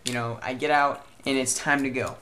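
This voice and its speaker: A young man from Southern California chatting casually to camera in a rambling, animated vlog about his day. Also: mid-range voice, moderate pace, slight background noise. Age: young adult. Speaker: vlogger.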